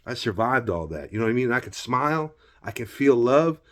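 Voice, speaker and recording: Middle-aged man, vlogger, rambling confessional storyteller, heated and passionate, mid pitch. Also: big pitch swings, fairly quick. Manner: rambling, heated, frequent "you know what I mean". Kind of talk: personal storytelling vlog.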